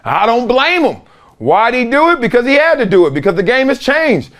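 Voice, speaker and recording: In an extremely high voice full of big pitch swings, fairly quick and a bit bright, a middle-aged man hosts a sports talk show. A former NFL player, he spins emphatic stories in monologue and plays the voices of the people involved.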